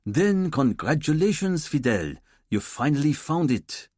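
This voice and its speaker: A man voicing a brisk female police detective. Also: on the high side, big pitch swings, darkish tone, no room sound, studio quality, voice pushed up. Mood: firm. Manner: firm, brisk.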